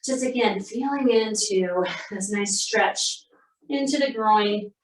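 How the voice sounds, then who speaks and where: A woman guides a yoga flow, calling out poses in a calm, steady voice and now and then sounding a little out of breath. Her voice sits at an ordinary pitch for a woman. The sound is roomy, with the mic set back from her. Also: takes it slowly, distant mic. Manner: calm, steady cueing, breathing between phrases. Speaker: yoga instructor. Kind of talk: guided yoga class instruction.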